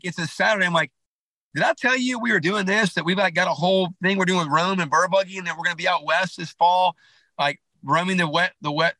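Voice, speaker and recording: Man, podcast guest, bright forceful tone, slightly high pitch, animated rambling storytelling, dry close sound. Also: dry recording, rough recording. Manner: animated, rambling, with many restarts. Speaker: podcast guest, clothing company founder. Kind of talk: casual storytelling interview.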